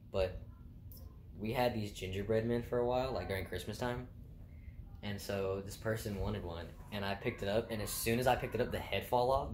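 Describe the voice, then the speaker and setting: A young man casually telling funny stories from his job, often laughing, rambling and swearing. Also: sits low. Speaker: vlogger telling work stories. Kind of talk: casual storytelling. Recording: echoey room with faint noise.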